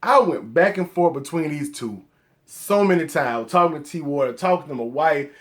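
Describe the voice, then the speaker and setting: A man from Atlanta with a Southern accent, casually counting down his favorite sneakers in a relaxed vlog and tagging "man" onto his lines with excited bursts. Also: fairly high pitch, normal speed. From Atlanta, Georgia. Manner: laid-back, peppers sentences with "man", excited bursts. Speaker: sneaker vlogger.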